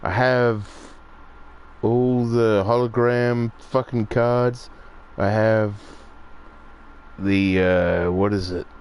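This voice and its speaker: A man ranting casually and profanely as he plays, his voice jumping high when he gets riled up. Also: fairly even intonation, extremely slow, pauses often, a little mellow, clear, resonant tone. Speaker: gaming streamer. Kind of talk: casual rant while playing.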